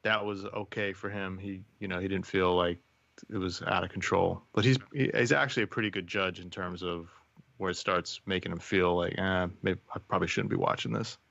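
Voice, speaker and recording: A man's voice: low voice, moderate pace, gravelly, dry recording. A man co-hosting a podcast, chatting casually and telling a story in a loose, rambling way. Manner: relaxed, rambling storytelling with fillers. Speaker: podcast co-host. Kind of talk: casual chat. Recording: dull lo-fi audio.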